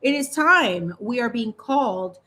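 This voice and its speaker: A woman's voice: a little high, lively intonation, a little slow, sharp tone, slight background noise. A young adult woman hosting a live painting stream, chatting casually and expressively while she paints, often laughing and stretching out her words. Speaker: painting livestream host.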